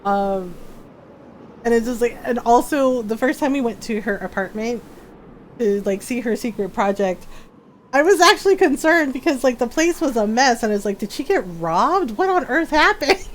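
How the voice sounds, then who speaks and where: Woman streamer, casual chat, giggly, fairly high voice, acts out quotes. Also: normal speed, slight background noise. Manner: giggly, animated retelling with acted-out quotes.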